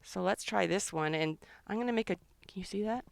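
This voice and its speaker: Excitable woman drawing live for kids. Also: mid-range voice, fairly quick, creaky, no echo. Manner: excitable, chatty, thinking aloud while drawing. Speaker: children's author and illustrator.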